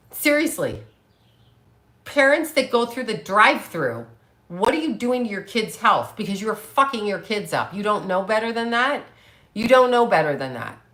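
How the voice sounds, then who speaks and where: A woman's voice: fairly high pitch, pushed and bright. A woman in her late fifties chatting casually on a livestream, reading viewer comments and answering them bluntly with plenty of swearing. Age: 50s. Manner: blunt, profane, talks back to commenters. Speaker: psychic medium livestream host.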